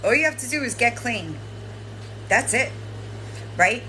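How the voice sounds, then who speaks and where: A commentary channel host confronts a streamer directly, lecturing and scolding, swearing, and tagging her points with "right?". Her voice is on the high side, pushed and bright, with lively intonation and a slightly slow pace. The low-quality recording has slight background noise.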